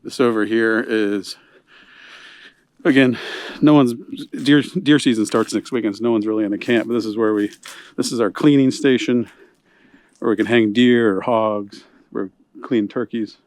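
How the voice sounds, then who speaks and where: A man's voice: fairly low pitch, normal speed, pauses often, no echo. Guy walking around an outdoor camp talking, bit out of breath from the heat, handheld camera sound. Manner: relaxed, chatty, points things out as he walks. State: huffing and puffing in the heat. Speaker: outdoor vlogger giving a camp tour. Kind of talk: casual walking tour narration. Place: outdoor hunting camp on a ranch.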